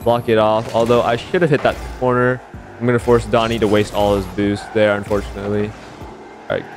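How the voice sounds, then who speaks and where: A young man giving casual, excitable commentary over his own gameplay, swearing and mocking himself, his voice leaping up high in hype moments. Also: a little fast. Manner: excitable, swears, self-mocking, voice leaps up high when hyped. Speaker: gaming YouTuber. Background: background beat music.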